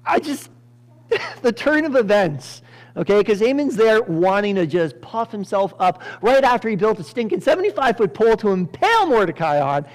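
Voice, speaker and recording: A male pastor telling a Bible story in a lively sermon, acting out the characters with sudden loud bursts and frequent laughter. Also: sits high, a little fast. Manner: animated, acts out characters with sudden loud jumps, laughs often. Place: church.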